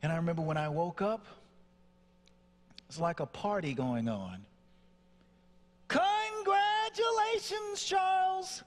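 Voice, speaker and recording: A man's voice: on the high side, sing-song, normal speed, long pauses, a little mellow, slight background noise. Dramatic male storyteller in a hall. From Nashville, Tennessee. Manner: dramatic storyteller, acts out voices. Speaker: motivational speaker. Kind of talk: storytelling talk on stage. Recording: long hall reverb.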